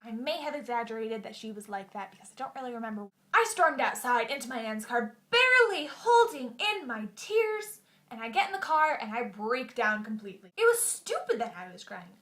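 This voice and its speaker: Bright-voiced young woman vlogging. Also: fairly high pitch, very animated, brisk. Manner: chatty and self-mocking. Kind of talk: casual vlog storytelling.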